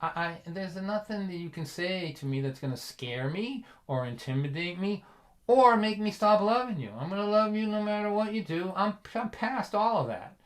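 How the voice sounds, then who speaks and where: A man voicing his older working-class father, who lectures in an earnest, measured way, pitched above his own voice and louder. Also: lively intonation.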